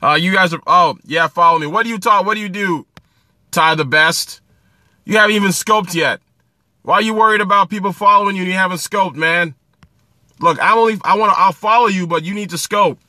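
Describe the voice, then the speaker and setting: A man's voice: high-pitched, a little fast, pushed and bright, no echo. A man from New Jersey hosting a casual phone livestream, greeting viewers by name in an upbeat, coaching way. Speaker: livestream host.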